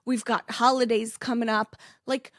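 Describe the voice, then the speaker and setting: A woman's voice: on the high side, level tone, moderate pace, a bit bright, dry recording, clean studio sound. A heavily pregnant young woman hosting a casual vlog, rambling and chatty with frequent laughs. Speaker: influencer and podcast host. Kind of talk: casual chat.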